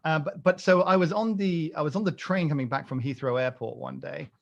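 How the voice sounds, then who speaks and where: A man's voice: on the high side, steady tone, fairly quick, gravelly. Rambling british guy, muffled sound. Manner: rambling, joking, with many fillers and restarts. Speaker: coffee podcast co-host. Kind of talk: casual chat.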